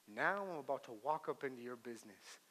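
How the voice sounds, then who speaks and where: A young man preaching a sermon as pastor, moving between soft, confiding talk and loud, emphatic passages, and telling stories with playful put-on voices. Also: medium pitch, expressive, fairly quick. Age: young adult. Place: church auditorium. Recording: long hall reverb.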